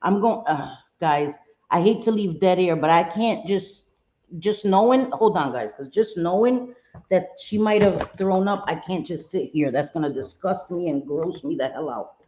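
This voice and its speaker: A woman's voice: lowish voice, lively intonation, normal speed, mellow. A woman hosting a casual livestream from her home, chatting with viewers and mixing in Spanish exclamations. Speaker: livestream host. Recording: echoey room, dull lo-fi sound.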